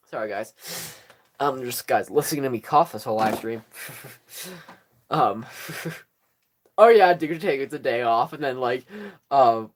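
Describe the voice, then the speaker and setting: A woman's voice: extremely low pitch, expressive, slow, long pauses. A woman hosting a casual fan livestream, rambling and giggling often with frequent laughs and an occasional cough. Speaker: livestream host.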